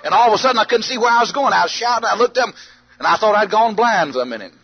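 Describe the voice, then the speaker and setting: Man, preacher, storytelling sermon, lively swooping delivery, shouts, dull old tape. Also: high voice, very fast. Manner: animated storytelling, bursts into shouts and yells. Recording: dull lo-fi archive sermon tape with faint hiss.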